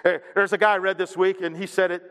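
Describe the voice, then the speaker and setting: Animated high-voiced pastor preaching. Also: male voice, quick pace, long reverb tail. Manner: animated, asks the congregation questions. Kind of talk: sermon.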